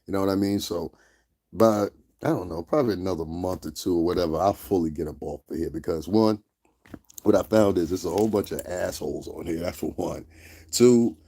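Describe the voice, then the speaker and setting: A man with a very low, mellow voice rants on his livestream. He talks bluntly and heatedly, swears freely and keeps asking his viewers whether they understand him. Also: fairly quick. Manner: blunt, heated, profane, repeats "you understand what I'm saying". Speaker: livestream host. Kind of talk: profane livestream rant.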